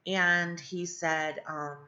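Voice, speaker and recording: A woman's voice: fairly low pitch, flat delivery, very slow, sharp tone. A middle-aged woman telling a long personal story in a rambling way, full of fillers and asides. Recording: dull lo-fi sound.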